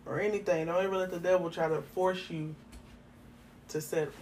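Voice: mid-range voice, steady tone, brisk, darkish tone. A co-host in casual faith talk, speaking earnestly and often adding "you know what I'm saying".

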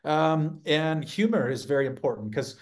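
A man speaking as a guest on a podcast, in a measured and reflective way. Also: on the high side, lively intonation. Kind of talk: casual podcast conversation.

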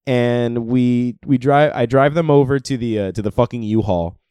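Casual podcast co-host, man, clear resonant voice, animated storyteller. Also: medium pitch, moderate pace, no echo, clean studio sound. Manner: animated, swearing, acts out quoted voices.

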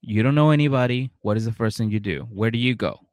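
A man co-hosting a podcast in casual chat, retelling scenes with lively acted-out voices and frequent laughter. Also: medium pitch, quick pace, no echo, studio quality. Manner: animated storytelling, acting out voices, laughing often. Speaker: podcast co-host.

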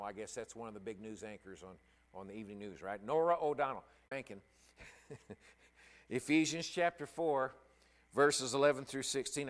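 Preacher guy telling a story in his sermon, gets choked up, keeps restarting. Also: mid-range voice. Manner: emotional, halting, with repeated restarts.

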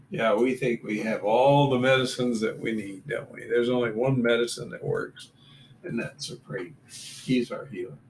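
A man's voice: medium pitch, steady tone, normal speed. A man works through scripture verse by verse, breaking off for short blunt asides. He sits back from the microphone in a roomy, echoing space with a faint hum of noise behind him. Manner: reads verses then adds blunt asides. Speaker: Bible teacher. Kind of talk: verse-by-verse Bible reading with commentary. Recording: roomy, distant mic with faint room noise.

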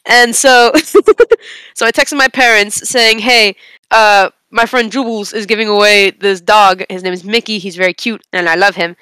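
A young woman on a casual podcast, telling a long story in an animated, rambling way with bursts of laughter. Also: mid-range voice, measured pace, clear, resonant tone, no echo. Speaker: podcast co-host.

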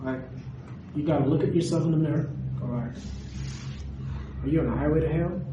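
A man preaching a sermon, animated and questioning his audience directly. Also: fairly high pitch, brisk, highs cut off, noisy background. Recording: echoey hall recorded from a distance.

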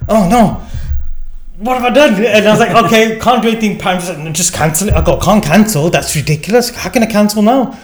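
A middle-aged man with a voice a little above the usual for a man. He tells a long anecdote to an interviewer, acting out what each person said, with plenty of fillers along the way. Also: fairly high pitch. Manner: animated storyteller acting out quoted dialogue, many fillers. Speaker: guest. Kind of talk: casual storytelling.

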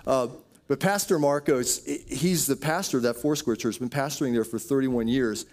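Guy preaching in church, telling healing stories, mid-pitch, chatty and animated. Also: moderate pace. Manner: storytelling, animated with laughs and quoted asides. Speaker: pastor. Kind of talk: sermon with healing testimonies. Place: church auditorium.

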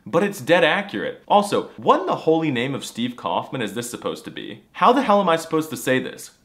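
Snarky man with a lively voice. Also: fairly high pitch, fairly quick. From United States. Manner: mock-serious, exaggerated, snarky. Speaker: comedy language creator. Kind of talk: scripted comedic monologue.

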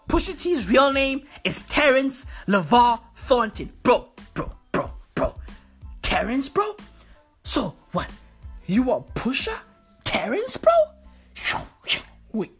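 A woman's voice: on the high side, very animated, takes it slowly, husky, faint music behind. Swearing woman's comedy rant. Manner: loud, swearing, mocking, full of slang.

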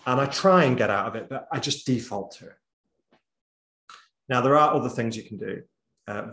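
Guy doing a talk online, chatty, gravelly voice, kinda echoey room, goes loud then almost whispery. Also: mid-range voice. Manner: conversational, varies volume and tempo, drops to near whisper at times. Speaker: presenter giving a talk. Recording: roomy echo.

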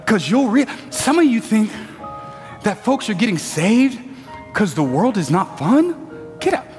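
A male preacher with a high, bright voice delivers a lively sermon, climbing to shouted peaks and breaking into playful asides to the congregation. His voice rings through a large church sanctuary with a long reverb. Soft music plays underneath. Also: a little slow.

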